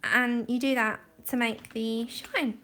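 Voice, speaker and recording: A woman's voice: on the high side, fairly even intonation, slow pace, bright, forceful tone. Giggly woman chatting on a colouring stream. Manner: giggly, laughs often, chatty and self-deprecating. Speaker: livestream host. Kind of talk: casual livestream chat while colouring. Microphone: phone mic.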